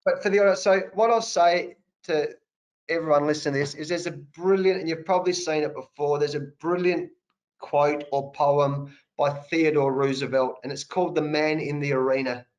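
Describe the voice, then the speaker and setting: Australian man, middle-aged, earnest, emphatic, candid storytelling, video call, fairly high voice. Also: steady tone, normal speed, a little mellow, rough recording. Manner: earnest and emphatic, repeats phrases for weight. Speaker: interview guest, cricket coach. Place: home study, indoors.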